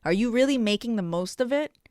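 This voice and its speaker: A woman's voice: on the high side, animated, brisk, a little mellow, clean tone, no echo, clean studio sound. A young woman hosting a solo podcast, telling stories casually with lots of swearing and self-mocking asides. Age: young adult. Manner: chatty, profane, self-mocking. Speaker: podcast host.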